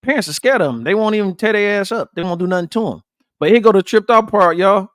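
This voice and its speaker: A man hosting a podcast, chatting casually with his viewers in a blunt, profane, animated way and repeating his points for emphasis. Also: sits high, fast, no room sound, studio quality. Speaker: podcast host. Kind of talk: casual livestream chat with viewers.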